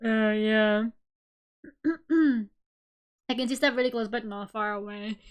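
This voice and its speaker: A woman in her twenties chatting casually on a live stream, giggly and animated as she tells stories. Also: fairly high pitch, takes it slowly, clear, resonant tone. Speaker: VTuber streamer.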